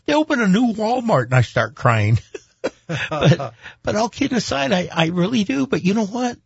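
A man's voice: sits high, very animated, moderate pace, gravelly, husky, no echo, highs cut off. A man who is a pastor gives an emphatic, preacher-like testimony in an interview, repeating words for weight.

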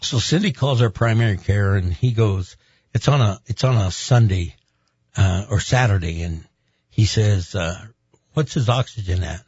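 A man's voice: on the low side, normal speed, slightly rough, no room sound. A middle-aged man, a pastor, telling a personal story in an interview, acting out the voices of the people in it. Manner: lively storyteller who acts out quoted voices. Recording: dull, dry, slightly muffled recording.

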